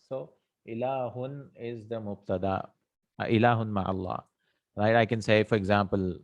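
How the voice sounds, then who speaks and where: A man's voice: lowish voice, moderate pace, no echo. A man teaching Arabic grammar in English, explaining step by step, asking and answering his own questions, and dropping Arabic terms into his speech. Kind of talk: live online grammar lesson.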